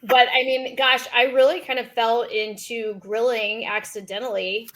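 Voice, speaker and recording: A woman's voice: on the high side, flat delivery, moderate pace, a bit bright. A woman guest on a podcast, chatting casually in a bubbly, self-deprecating way. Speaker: podcast guest, food blogger. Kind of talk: casual chat.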